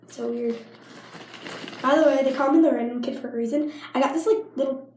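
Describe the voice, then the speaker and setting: In an echoey room with slight background noise, a teenage girl does a casual show-and-tell vlog at home while sick with a cough and sinus infection. Her high-pitched voice is fairly quick with a darkish tone, and she rambles, coughs frequently, and says "like" often.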